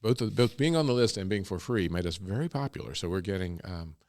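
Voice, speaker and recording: Man, very low voice, rambling, enthusiastic, casual interview guest. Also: animated, fast talker, a little mellow. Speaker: guest, co-founder of a bunny ministry.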